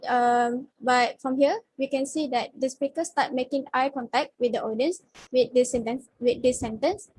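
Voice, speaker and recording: A young woman with a high, bright voice, presenting her part of a class project over a video call. She stops often on fillers and restarts, and her voice sounds dry and close, with no room around it. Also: no echo, poor audio. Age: young adult. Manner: hesitant, many fillers and restarts. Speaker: student presenter.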